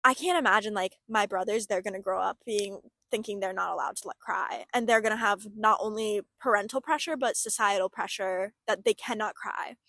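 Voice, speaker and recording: A woman's voice: medium pitch, fairly quick, few pauses, sharp tone, dry recording. A young woman co-hosting a casual chat, reflective and full of "like" fillers. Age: young adult. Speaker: podcast co-host.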